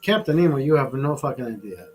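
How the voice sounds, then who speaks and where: A man's voice: mid-range voice, lively intonation, quick pace, a little mellow, soft background music, rough recording. A man hosting a livestream chat, telling crude, rambling stories full of swearing and calling viewers brother. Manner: addresses viewers as brother and bro. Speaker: livestream host. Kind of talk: casual chat.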